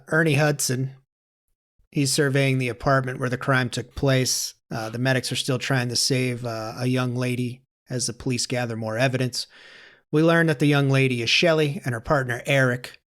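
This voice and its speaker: A man's voice: mid-range voice, a bit bright. A man hosting a podcast, casually recapping a film's plot with fillers and self-corrections. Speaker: podcast host.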